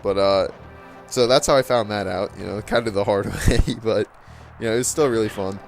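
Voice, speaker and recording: With a fairly low, slightly fast voice marked by vocal fry, this gaming channel host casually rambles through a story during gameplay. He chuckles frequently and leans on fillers, and faint music sits in the background.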